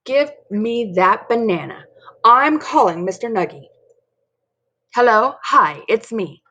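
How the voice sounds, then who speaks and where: A stubborn, spirited little girl tells her tale with excited emphasis, as a woman reads her aloud. Her voice swings widely in pitch and has a faint husky edge. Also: slow pace, lo-fi sound, full character voice.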